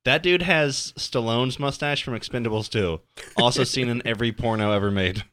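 A man's voice: mid-range voice, normal speed, a bit bright, dry recording, studio quality. A man co-hosting a podcast, chatting casually over a movie and tossing out absurd joking one-liners. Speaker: podcast co-host.

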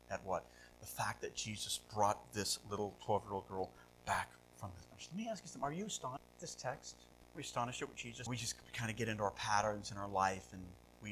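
A male pastor preaching a sermon, asking rhetorical questions and swinging between loud, animated passages and hushed ones. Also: on the low side, slight background noise, rough recording. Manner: rhetorical questions, repeats words.

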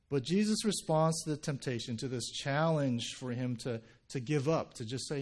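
A male pastor giving a sermon in a relaxed, conversational way, often checking in with "right?" and telling stories with acted quotes. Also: medium pitch, moderate pace, few pauses. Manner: conversational, frequent "right?" and "like" asides.

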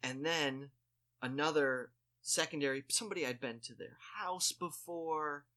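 A man's voice: fairly high pitch, measured pace, bright, forceful tone. A man telling a story in casual chat, rambling with lots of "like" and restarts and poking fun at himself. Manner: rambling, full of "like" and restarts, self-mocking.

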